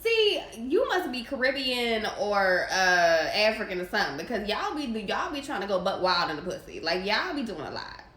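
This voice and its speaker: Brash, animated young woman podcast host. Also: medium pitch, normal speed, few pauses. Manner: brash, profane, animated, breaks into laughter. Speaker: podcast host reading live chat questions. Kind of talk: casual live Q&A chat. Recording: echoey room with faint ambient noise.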